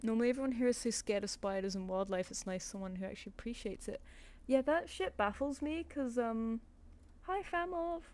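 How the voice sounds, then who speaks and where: A woman's voice: fairly high pitch, brisk, few pauses, darkish tone. A young woman chatting casually on her drawing stream, laughing often and swearing lightly. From United Kingdom.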